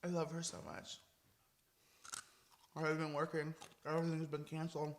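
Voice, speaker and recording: A young man chatting casually in a vlog, gushing and expressive, swinging between excited and low-key. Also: normal speed, slight background noise. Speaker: vlogger. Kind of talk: casual mukbang vlog chat.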